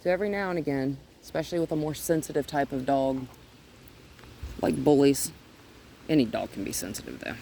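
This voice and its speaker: Woman dog trainer, gentle and coaxing, warm dark tone. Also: a bass voice, a little fast, gravelly, long pauses, a little hiss or hum, low-quality recording. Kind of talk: casual training narration. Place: outdoors with a dog.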